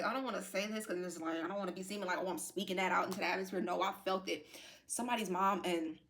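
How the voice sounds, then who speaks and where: Talking fast in a lowish, slightly bright voice with fairly even intonation, a woman tarot reader rambles through a casual reading for her viewers. She uses lots of fillers, calls them y'all, and sometimes nearly cries.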